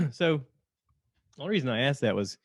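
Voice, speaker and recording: A man's voice: on the high side, big pitch swings, moderate pace, gravelly, no echo, clean studio sound. A man from North Georgia hosting a podcast in casual chat, laughing often and drifting into tangents. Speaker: podcast host.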